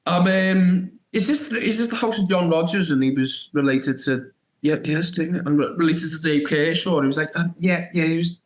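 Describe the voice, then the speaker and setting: A man's voice: on the high side, low-quality recording. A young man, an actor telling a rambling story as a podcast guest and acting out his own reactions. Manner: rambling, full of restarts and filler "da da da". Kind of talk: animated anecdote storytelling.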